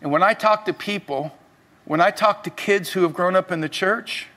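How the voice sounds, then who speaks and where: A middle-aged male pastor preaching a sermon, swinging between loud urging and quiet, confessional talk. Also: high-pitched, normal speed.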